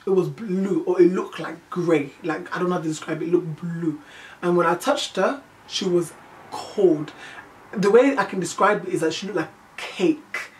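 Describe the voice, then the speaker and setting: A young woman from Nigeria telling a personal story in a vlog, candid and halting, often repeating herself and checking in with the listener. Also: on the low side, recorded from a distance, a little hiss or hum. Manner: halting, candid, repeats herself, asks "do you know what I mean". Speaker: vlogger.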